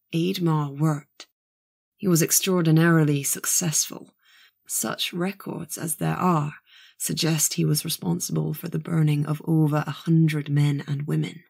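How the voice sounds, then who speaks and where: A woman narrating a fantasy audiobook in a measured way, reading the men's lines without much change of voice. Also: deep voice, creaky, mellow, slightly rough.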